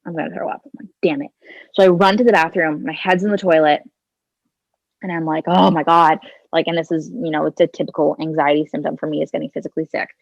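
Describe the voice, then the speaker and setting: Young woman in her 20s telling a story on a podcast, lots of like and kinda, lowish voice, dull lo-fi phone sound, dry. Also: flat delivery, fast talker, gravelly, no echo. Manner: chatty, leans on "like" and "kinda", acts out her own thoughts. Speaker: podcast guest. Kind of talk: casual personal storytelling. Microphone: handheld phone.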